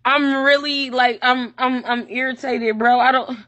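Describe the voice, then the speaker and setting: A woman's voice: sits high, fairly even intonation, measured pace, fairly bright tone, dull audio, a little hiss or hum. A woman talking in a rambling, profane, irritated casual chat, stammering and restarting her sentences.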